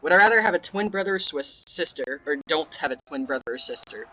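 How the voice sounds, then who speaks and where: A young man giving casual, rambling gameplay commentary that breaks into sudden yelling at the game. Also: a little high, lively intonation, quick pace, low-quality recording. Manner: rambling, offhand, with sudden yelled outbursts at the game. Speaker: gaming YouTuber.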